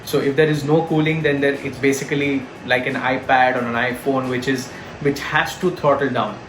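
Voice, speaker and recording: A man's voice: mid-range voice, fairly even intonation, normal speed, background noise. A man giving a casual laptop review and talking straight to his viewers. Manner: chatty, talks straight to viewers. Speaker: tech YouTuber.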